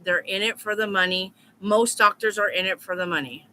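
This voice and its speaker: A woman's voice: medium pitch, a little fast, sharp tone, slight background noise. A woman tarot reader talking live to her viewers in a blunt, repetitive, profane way. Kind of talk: live-stream chat with viewers.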